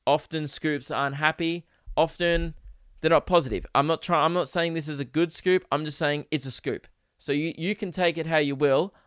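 A man's voice: on the high side, steady tone, normal speed, fairly bright tone, smooth, dry recording, studio quality. Rambling man, joking podcast host. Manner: rambling, joking, mock-dramatic. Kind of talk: casual solo podcast chat.

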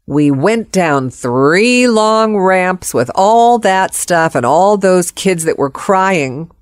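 Expressive woman telling a personal story. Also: fairly low pitch, slow pace, no echo, studio quality. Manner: expressive, acts out voices.

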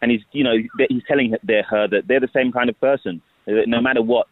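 Fast-talking British man, tinny line. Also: medium pitch, no echo. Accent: British, South London. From UK, South East London. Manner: animated, playful, restarts often. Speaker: actor guest. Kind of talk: radio interview chat.

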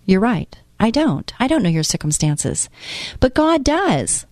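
A woman's voice: fairly high pitch, big pitch swings, measured pace, darkish tone, dry recording, clean studio sound. A woman in her late fifties hosting a faith-based talk show, speaking in an earnest, encouraging way. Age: 50s. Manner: earnest, encouraging, acts out voices of doubters. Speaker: host.

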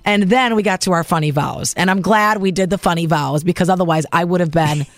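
A woman's voice: on the low side, a little fast, no room sound. A woman hosting a radio show, chatting earnestly and personally at length. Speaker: radio host. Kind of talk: casual radio chat.

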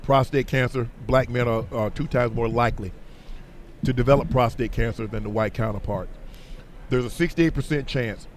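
A middle-aged man talks sports on the radio with emphatic, animated conviction. His voice is wearing hoarse after hours of talking. A faint background hum sits behind him. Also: medium pitch. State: voice getting hoarse. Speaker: guest, former football player.

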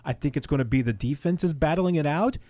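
A male guest on a sports talk radio show lays out his views with emphasis. His voice sits somewhat high, and it comes across dry and close. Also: fairly quick, dark tone, no room sound. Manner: opinionated, emphatic. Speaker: team beat writer guest.

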